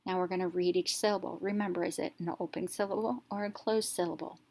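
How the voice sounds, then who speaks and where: Lower-voiced woman teaching phonics step by step. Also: steady tone, a little mellow. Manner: slow, deliberate, sounds out letters one at a time.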